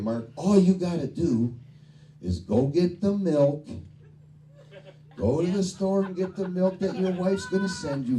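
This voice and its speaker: A middle-aged man doing a stand-up comedy set, swearing freely and laughing at his own jokes, in a tavern showroom. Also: a little high. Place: tavern showroom before a live crowd. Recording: distant and noisy live bar recording.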